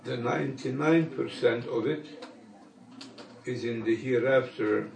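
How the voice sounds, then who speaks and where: An older man delivering a sermon in a slow, measured way with long pauses. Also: mid-range voice, gravelly, darkish tone, a little hiss or hum. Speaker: religious teacher. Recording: echoey room, mic far off.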